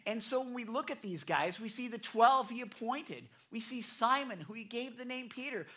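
A woman preaching with a bright, sharp-edged voice. She delivers the sermon in an animated way, stumbling over repeated words as she goes. She slips into the voices of the people she quotes. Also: on the high side, moderate pace, few pauses. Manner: animated, frequent stammered repeats; acts out quoted speakers.

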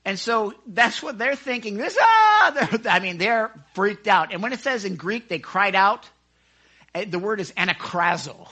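A man leading a casual Bible study into a microphone, excitable and chatty, often acting out the scenes he describes. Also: high voice, moderate pace. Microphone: handheld microphone.

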